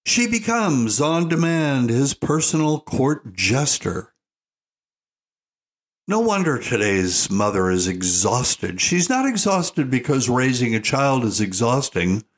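A man's voice: medium pitch, very animated, takes it slowly. An older man giving an opinionated monologue as a parenting commentator, folksy and emphatic, calling listeners "folks". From United States.

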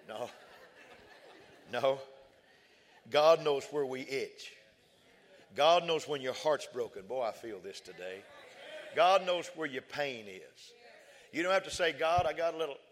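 A man's voice: mid-range voice, big-room sound. A man preaching a sermon and telling a funny personal story, repeating phrases for emphasis. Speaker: pastor.

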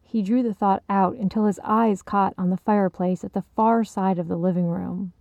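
A woman narrating a short story in a measured, even way. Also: medium pitch, vocal fry, no room sound, highs cut off. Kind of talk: audiobook narration.

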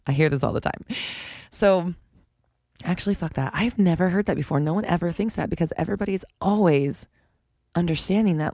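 Recorded dry in a clean studio, this solo podcast host has a lowish, warm voice and speaks briskly but leaves long pauses. Her casual monologue is frank and chatty, with occasional swearing and laughter between points.

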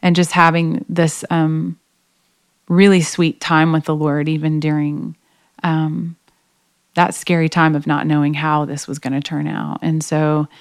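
On a faith podcast, a woman guest who is a singer shares a personal story in a sincere, emotional tone, using lots of fillers. Her voice is low and smooth with little pitch movement and a slightly slow pace. She sits close to the mic in a dry room, with no echo.

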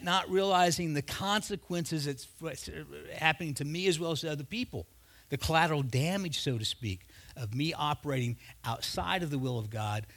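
A man's voice: on the high side, pushed and bright. A man in his fifties preaching a sermon, telling a personal story in a conversational way and acting out the dialogue. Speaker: pastor.

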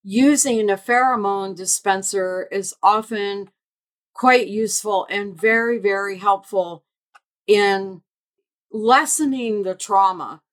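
Slow, measured woman explaining dog behavior. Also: medium pitch. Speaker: guest dog behavior expert. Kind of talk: explanatory interview answers.

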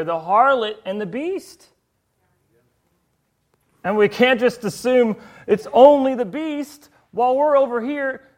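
A man preaching a sermon in an animated way, throwing rhetorical questions at his listeners. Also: high voice.

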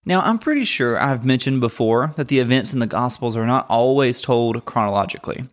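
A man's voice: medium pitch, expressive, fairly quick. Man teaching through a Bible passage. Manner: conversational with wry asides.

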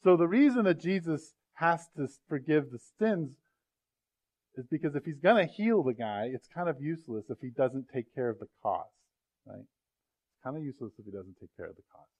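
A man's voice: on the high side, animated, moderate pace, darkish tone. A male pastor preaching to his congregation in a loose, conversational way, full of jokes and asides to the room. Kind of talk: sermon. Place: church sanctuary.

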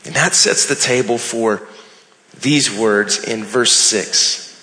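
Bright-voiced preacher in an echoing hall. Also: male voice, medium pitch, slow. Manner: earnest, builds to emphatic rising phrases. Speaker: pastor. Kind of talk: sermon. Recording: echoey hall with long reverb.

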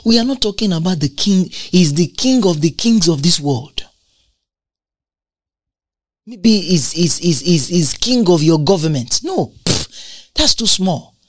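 A woman's voice: on the low side, dry recording. A woman preaching a sermon, emphatic and repetitive, asking rhetorical questions and laughing between points.

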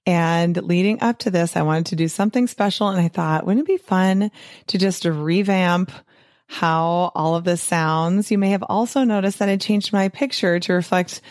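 A middle-aged woman hosting her own podcast, talking in a chatty, upbeat way with quick asides and frequent laughs. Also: on the low side, darkish tone, no echo, clean studio sound. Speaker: podcast host, physician and weight-loss coach. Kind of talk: casual solo podcast talk.

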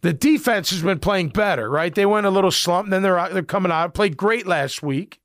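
A man's voice: sits high, moderate pace, fairly bright tone, dry recording, studio quality. A middle-aged man, a former football player, giving casual sports commentary in a blunt, rambling way with lots of fillers.

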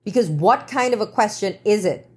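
A woman's voice: medium pitch, animated, moderate pace, a little mellow, close to an everyday voice. A woman reading the lines of a pompous, condescending male makeup guru who snaps at people. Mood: snappish. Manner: snappish, condescending.

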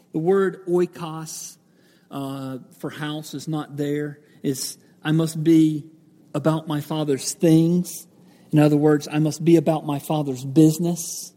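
A pastor giving a sermon, teaching from the Bible in a conversational way, with fillers and self-corrections. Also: male voice, fairly high pitch, warm tone. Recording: echoey hall with long reverb.

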